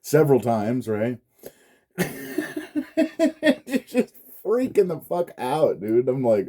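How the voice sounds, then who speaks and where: A man's voice: medium pitch, big pitch swings, unhurried, warm tone. A man telling a frustrated, profane story in a casual rant, laughing often between lines. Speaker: vlogger.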